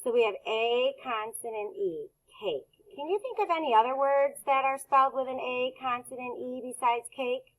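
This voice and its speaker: A woman teaching a phonics lesson to children, speaking slowly and patiently as she sounds out words. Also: high voice, poor audio.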